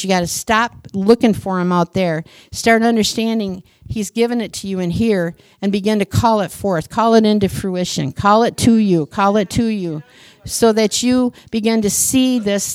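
A woman's voice: medium pitch, no echo, studio quality. A woman preacher giving a sermon, earnest, repeating phrases for emphasis and telling stories.

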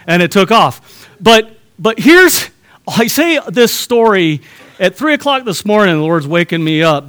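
A man's voice: high-pitched, fairly bright tone. A middle-aged man preaching a sermon, telling a story with humor and talking straight to his congregation. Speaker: pastor.

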